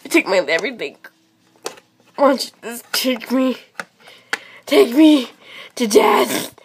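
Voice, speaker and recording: Shrieking toy pet dreading the vet, as a girl puts her on; high and gravelly. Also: big pitch swings, slow, exaggerated voice. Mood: melodramatic. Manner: wailing, shrieking protests.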